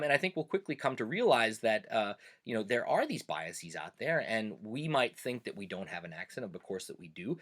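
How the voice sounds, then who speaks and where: This German teacher from Pennsylvania, middle-aged and speaking with a Pennsylvania Dutch accent, talks conversationally and reflectively on his cultural video series. His mid-range voice is a bit bright, and fillers crop up constantly.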